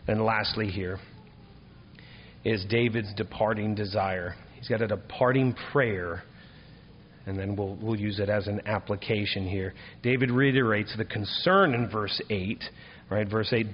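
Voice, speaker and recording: A man's voice: fairly even intonation, measured pace, dull audio, a little hiss or hum. Preaching man in a reverberant hall. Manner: rises to emphatic, higher-pitched preaching on key points. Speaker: pastor. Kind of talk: sermon.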